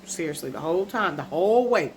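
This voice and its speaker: A woman's voice: on the low side, expressive, quick pace, a little hiss or hum. A woman hosting her own podcast, telling a personal story in a casual, upset way and often speaking straight to her viewers. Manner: dialect grammar, casual slang. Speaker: podcast host.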